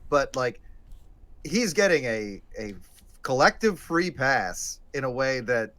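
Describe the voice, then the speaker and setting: A man co-hosting a casual sports chat livestream, talking in animated bursts and laughing often. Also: mid-range voice. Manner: animated, quick bursts of laughter, lively put-on quotes. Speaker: podcast co-host.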